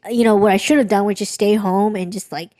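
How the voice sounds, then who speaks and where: A young woman talks quickly in a slightly mellow, mid-range voice with fairly even intonation while co-hosting a podcast. Her personal story comes out candid and rambling, with many restarts, as casual chat in clean studio sound without echo.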